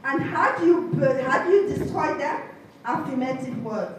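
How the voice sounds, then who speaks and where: High-voiced French-accented woman coaching a hall. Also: normal speed. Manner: energetic, calls out to the crowd and leads call-and-response. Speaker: life coach. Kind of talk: motivational talk to a live audience. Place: large hall with an audience. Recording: echoey hall, far from the mic, crowd and noise.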